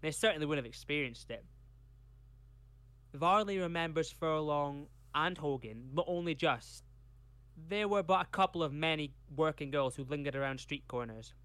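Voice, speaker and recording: A man's voice: on the high side, moderate pace, fairly bright tone, clear, resonant tone, no room sound. A Scottish man co-hosting a podcast, reading case notes from a script and breaking off for chatty tangents. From Scotland. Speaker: podcast co-host.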